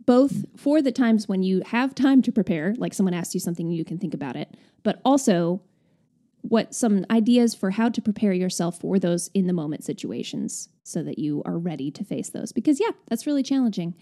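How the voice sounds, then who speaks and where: A woman with a mellow, warm voice co-hosts a casual advice podcast. She is chatty and expressive, and she talks things through at an easy mid-range pitch. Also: a little fast. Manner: chatty and expressive, with laughs and sighs. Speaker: podcast co-host.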